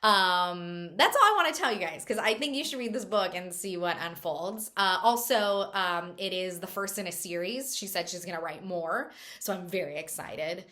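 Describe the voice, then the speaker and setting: A woman's voice: on the low side, normal speed, bright, forceful tone. A woman chatting casually as a book reviewer, bubbly and chatty with lots of fillers.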